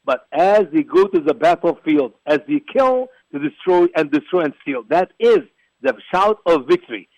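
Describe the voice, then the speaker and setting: Animated high-voiced man. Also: moderate pace, dry recording, rough recording. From Egypt. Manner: forceful, repetitive, preacher-like emphasis. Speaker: guest, ministry founder. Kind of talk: emphatic religious talk show commentary.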